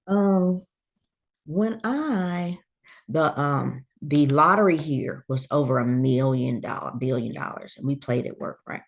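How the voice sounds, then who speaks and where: With a deep, unhurried voice, a Georgia woman recounts her personal story as an interview guest in a relaxed conversation. She's an animated storyteller who acts out the quoted voices, though the audio sounds dull.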